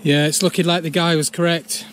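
A man, chatting casually as he walks an overgrown old railway path outdoors, often pausing on "uh". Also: a little high, level tone, a bit bright, slight background noise. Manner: chatty, with frequent "uh" pauses. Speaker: urban exploring vlogger. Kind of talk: casual walk-and-talk commentary.

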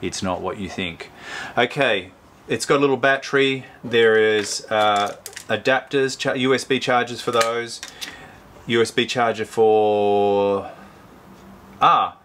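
A man's voice: fairly low pitch, moderate pace, a bit bright, a little hiss or hum. A man hosting a casual product review, chatting and rambling as he unboxes, often correcting himself mid-sentence. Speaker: host.

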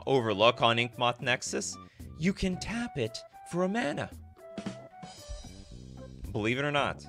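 A man from Canada hosting a casual live stream, chatting in a jokey way and thinking aloud as he reads viewer messages. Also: medium pitch. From Canada (Winnipeg). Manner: animated, jokey, thinks aloud while reading chat. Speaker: livestream host.

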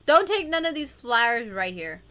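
A woman's voice: a little high, very animated, normal speed, sharp tone, faint music behind. A young woman co-hosting a gaming livestream, chatting casually and giggling as she greets viewers by name. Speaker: livestream co-host. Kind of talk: casual gaming stream chat.

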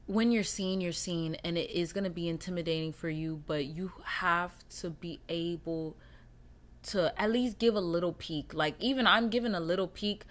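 A woman's voice: on the low side, moderate pace. A young woman hosting her own podcast, talking candidly and casually to her listeners with heavy cursing. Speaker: podcast host. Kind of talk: casual solo monologue.

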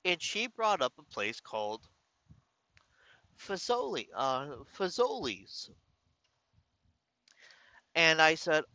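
A man from California telling a personal story in a slow, reflective, casual way, pausing and restarting as he goes. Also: on the high side, very animated, pushed and bright, dry recording, low-quality recording. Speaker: vlogger.

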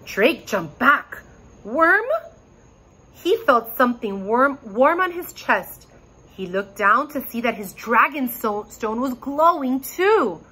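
A woman reading a children's chapter book aloud with expressive, animated storytelling. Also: on the high side, takes it slowly, breathy edge, poor audio. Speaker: reader.

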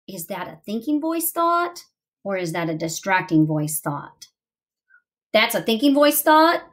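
A middle-aged woman teacher giving a remote reading lesson to young children, thinking aloud in an expressive, sing-song way. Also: mid-range voice, measured pace.

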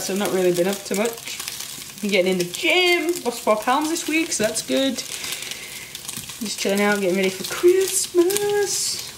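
A woman's voice: medium pitch, roomy sound, noisy background. A woman vlogging casually while cooking in her home kitchen, chatty and rambling with loose restarts. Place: home kitchen with food frying. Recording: frying sizzle under the voice.

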